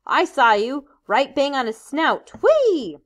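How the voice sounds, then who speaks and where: A woman putting on a cheerful young schoolboy with a timid streak, from a storybook reading. The voice is lifted high and bright, keen but a little unsure of itself. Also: sing-song, a little fast. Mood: eager.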